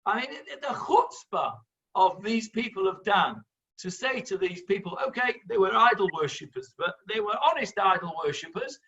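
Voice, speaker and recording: A man teaching a Bible class as a rabbi, explaining the text in lively fashion and acting out what the characters say. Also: high-pitched, normal speed, lo-fi sound. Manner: lively, acts out voices of the characters, interrupts the reader.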